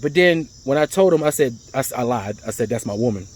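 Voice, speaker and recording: A man, talking in a rambling, casual storytelling monologue, repeating words and getting animated as he tells his stories. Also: medium pitch, fast. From United States. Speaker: vlogger.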